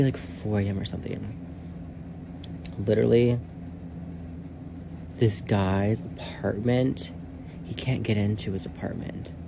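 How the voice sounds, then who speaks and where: A man telling a casual storytime, rambling and swearing, leaning on "like" and dropping into hushed asides. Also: mid-range voice, gravelly, background noise. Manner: rambling, profane, heavy use of "like"; drops to a hushed whisper for asides.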